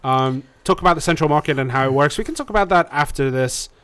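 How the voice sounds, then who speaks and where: Bright-voiced man hosting a game tutorial. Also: a little high, fast, clear, resonant tone. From England. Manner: chatty, many ums and restarts. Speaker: community manager co-hosting a game tutorial stream. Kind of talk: casual livestream tutorial chat.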